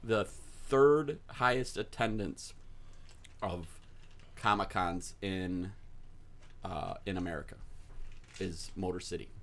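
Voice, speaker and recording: A man's voice: low voice, slow pace, long pauses. A man co-hosting a podcast, telling a rambling story in casual chat and laughing often. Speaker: podcast co-host.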